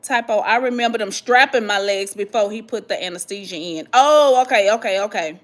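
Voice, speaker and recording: A woman hosting a vlog, chatting casually and reading viewer comments, animated and dramatic with slangy asides. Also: medium pitch, fairly quick. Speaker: vlog host answering viewer questions.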